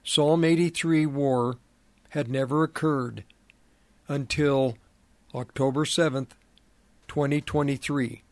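A middle-aged man hosting a prophecy commentary program, speaking in a slow, halting way with many fillers and restarts. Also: mid-range voice, steady tone, no room sound. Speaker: radio program host.

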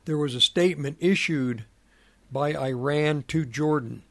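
A middle-aged man hosting a prophecy commentary program, speaking in a slow, halting way with many fillers and restarts. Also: on the high side, a bit bright, no room sound. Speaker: radio program host.

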